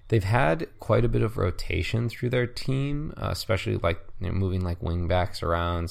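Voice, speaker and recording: Man, very low voice, gravelly, rambling podcast chat, lots of fillers. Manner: rambling, hesitant with many fillers. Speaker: podcast co-host. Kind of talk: casual sports podcast chat.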